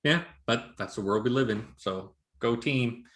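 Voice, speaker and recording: A man co-hosting a casual podcast, swearing often as he rants in lively bursts. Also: medium pitch, unhurried, echoey room. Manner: profane, ranting, animated. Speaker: podcast co-host. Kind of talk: casual chat.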